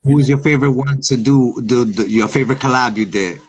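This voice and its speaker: A man's voice: mid-range voice, a little fast, husky. A man asking questions in a laid-back, slangy way during a casual interview. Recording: voice from off-mic.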